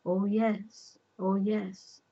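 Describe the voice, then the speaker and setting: A woman voicing a frightened old male shepherd who wails and pleads, with a husky voice, in a storybook reading. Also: mid-range voice, little pitch movement, very slow, mellow, highs cut off, full character voice. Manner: wailing, pleading.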